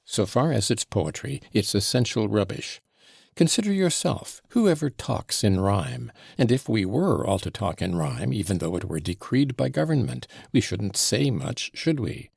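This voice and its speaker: A man's voice: on the low side, sing-song, normal speed, gravelly, darkish tone, slightly rough, no echo, studio quality, heavily acted. A man reading a sneering, conceited manservant. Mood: contemptuous. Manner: sneering, self-important lecturing. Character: scornful young male servant, conceited and bitter. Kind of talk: audiobook character reading.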